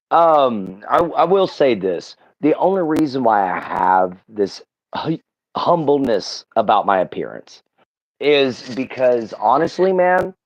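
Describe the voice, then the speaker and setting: A man with a Southern Texan drawl chats on a livestream, earnest and meandering, leaning on fillers and restarting his sentences. His voice comes through slightly muffled, a little dull at the top end. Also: medium pitch. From Southeast Texas. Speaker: livestream guest. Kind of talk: casual chat.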